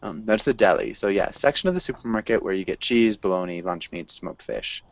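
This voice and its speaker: A man's voice: fairly low pitch, very animated, a little fast, vocal fry, highs cut off. A man teaching an English class, patient and encouraging as he explains pronunciation. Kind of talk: online group language lesson.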